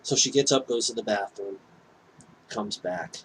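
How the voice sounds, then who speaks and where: A man's voice: fairly low pitch, a little slow, a bit bright, a little hiss or hum, rough recording. A man telling a personal story on his video channel in a rambling, candid way, full of asides and apologies. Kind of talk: casual storytelling monologue.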